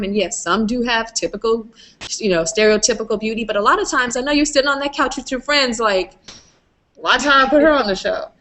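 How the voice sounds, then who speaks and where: A woman's voice: mid-range voice, a bit bright. A woman hosting a playful, casual video chat with fans, laughing often. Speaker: host. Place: video call. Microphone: video call.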